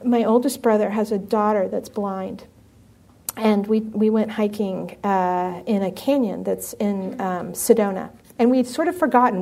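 A middle-aged woman preaching to a live audience, telling a personal story and asking the room questions in an animated way. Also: a little high.

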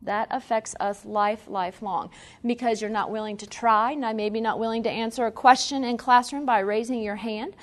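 A middle-aged mother teaching a parenting class in a lively way, acting out quotes and laughing often. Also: fairly high pitch, moderate pace.

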